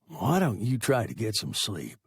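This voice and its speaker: A man voicing a tough older male spaceship captain who speaks firmly while trying to sound soft. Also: fairly low pitch, wildly swooping pitch, moderate pace, breathy edge, no echo, clean studio sound, full character voice.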